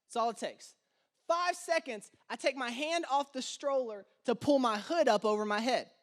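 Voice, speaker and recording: A man's voice: extremely high pitch, moderate pace. A young man preaching a sermon as pastor, mixing a funny family story with repetitive, building preaching cadence. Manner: animated, self-deprecating humor, repetitive preaching cadence.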